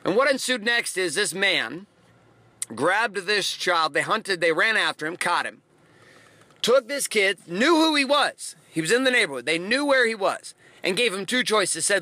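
A man's voice: high-pitched, very animated, normal speed, pushed and bright, no echo. A man giving a blunt, emphatic motivational talk, hammering his points with repeated phrases. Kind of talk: motivational monologue.

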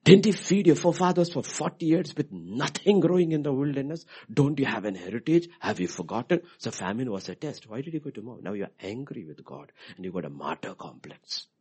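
Male preacher, sermon, husky raspy voice, very lively pitch, loud bursts and whispers. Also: fairly quick, few pauses. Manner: dramatic, swings from loud outbursts to hushed whispers.

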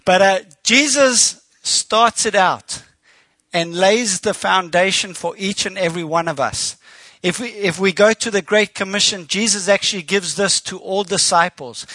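A man's voice: high voice, sharp tone, dry recording. A man with a South African accent preaching as a guest speaker, telling stories with animation and acting out quoted speech. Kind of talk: sermon. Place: church.

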